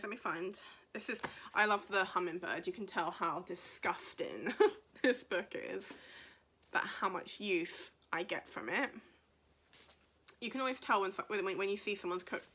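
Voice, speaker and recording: A woman hosting a craft podcast in casual chat, her voice bright and forward. She rambles and thinks aloud as she pages through a book, sometimes sinking to a near-whisper. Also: mid-range voice, slight background noise.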